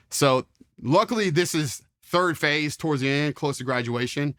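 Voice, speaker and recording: A man's voice: fairly high pitch, normal speed, fairly bright tone. A man in his forties tells war-service stories in a loose, rambling style. He piles on fillers, drops mild swear words and acts out what others said. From Charlottesville, Virginia, US. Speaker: interview guest, former Marine. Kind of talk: casual storytelling.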